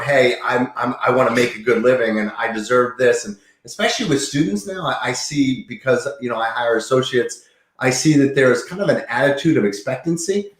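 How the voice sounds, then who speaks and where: A man's voice: mid-range voice, roomy sound. A man in his fifties, a chiropractor, talking earnestly and enthusiastically as an interview guest, often restarting his sentences. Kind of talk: casual interview talk.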